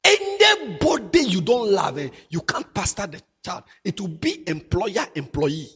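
A middle-aged man with a Ghanaian accent, preaching a sermon as a pastor, animated and mixing English with Twi. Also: high-pitched, a little slow, slightly rough.

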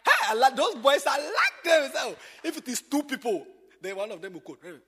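A pastor with a high, husky voice that leaps up and down as he teaches. He jumps from loud exclamations to quiet asides. The sound rings with a long echo, as if in a large hall. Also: sing-song, normal speed. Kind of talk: informal church teaching.

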